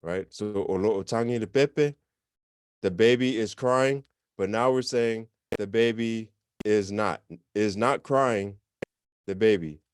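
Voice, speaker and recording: A man teaching a beginner language class in a relaxed, chatty way, often correcting himself as he explains. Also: on the low side, a little slow, clear, resonant tone, dry recording, clean studio sound. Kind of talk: informal online class.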